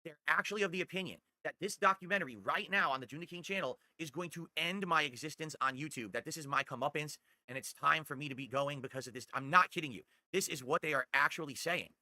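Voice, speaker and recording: A man's voice: fairly high pitch, quick pace, hardly any pauses, pushed and bright, dry recording. A man hosting his livestream, talking into a desktop condenser mic at home and ranting in a brash, boastful way. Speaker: streamer host. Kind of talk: casual podcast-style livestream monologue.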